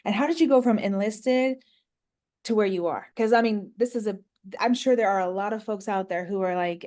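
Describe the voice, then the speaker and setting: A woman's voice: medium pitch, a little fast, mellow. A woman hosting a podcast, reading an upbeat scripted intro and then chatting encouragingly with her guest. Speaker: podcast host.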